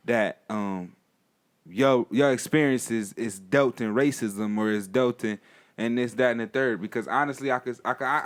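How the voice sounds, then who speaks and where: Earnest slangy man on a podcast. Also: mid-range voice. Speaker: podcast co-host. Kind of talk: casual podcast debate.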